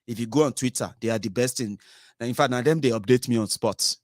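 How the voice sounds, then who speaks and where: A man from Nigeria with a Nigerian accent, hosting a political commentary show in an animated, mocking monologue that mixes English, Pidgin and Yoruba. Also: mid-range voice, a little fast, no echo, studio quality.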